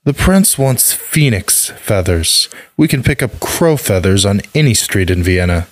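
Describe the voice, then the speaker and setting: A man's voice: on the low side, expressive, unhurried, dry recording. A man reading a story aloud, voicing an arrogant royal emissary in a haughty, contemptuous manner. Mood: sneering. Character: arrogant male royal emissary, sneering and threatening. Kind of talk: audiobook reading.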